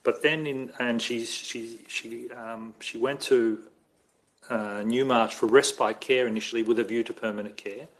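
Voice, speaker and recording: A man's voice: mid-range voice, steady tone, a little slow, rough recording. An Australian man giving expert medical testimony at an inquest, hesitant and correcting himself as he thinks aloud.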